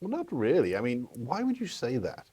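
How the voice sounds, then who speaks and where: A man's voice: medium pitch, wildly swooping pitch, moderate pace, warm tone, breathy edge. A man voicing a talking male viper with a British accent in a radio play, wry and teasing.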